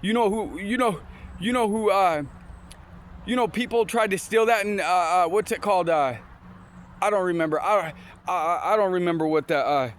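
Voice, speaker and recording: A man with a slightly high voice, over a faint hiss or hum, casually tells motivational stories. He rambles, restarts often, and weaves scripture quotes into his storytelling.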